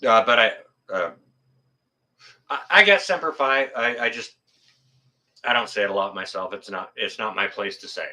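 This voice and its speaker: A middle-aged Canadian man hosts a casual livestream, reading viewer comments in a lowish, expressive, bright and forceful voice at normal speed, pausing often. He rambles, jokes, swears mildly, and laughs at the chat.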